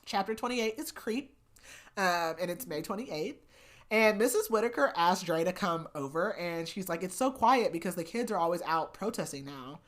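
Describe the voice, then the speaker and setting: A woman hosting a book podcast, casually recapping chapters in a chatty way with lots of "like" and animated retellings. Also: on the low side, moderate pace. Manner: chatty, heavy use of "like", animated retelling of scenes.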